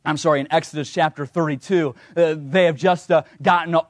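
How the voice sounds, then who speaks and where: Guy preaching a sermon, kinda high voice, jokes and chuckles, does the voices in his stories, dry close sound. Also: a little fast, no room sound. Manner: storytelling with self-deprecating humor and chuckles; acts out quoted voices in a lively, varying tone.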